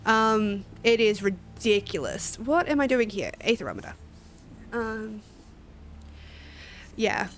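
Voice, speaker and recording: A woman's voice: medium pitch, expressive, slow, pauses often, a bit bright, a little hiss or hum. A young Australian woman streaming a game, rambling chattily, laughing often and swearing casually. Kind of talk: casual gaming stream chat.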